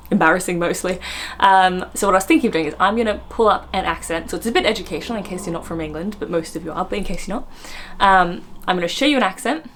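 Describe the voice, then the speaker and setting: Chatty, self-deprecating Australian woman. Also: lowish voice. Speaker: vlogger. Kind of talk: casual chat to camera.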